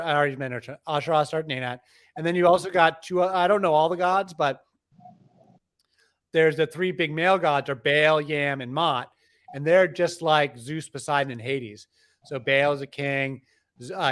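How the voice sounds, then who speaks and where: A middle-aged man, an author, explaining things in a lively, discursive way with frequent restarts. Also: on the high side. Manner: animated storyteller, frequent restarts. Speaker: author, interview guest. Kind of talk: conversational explaining.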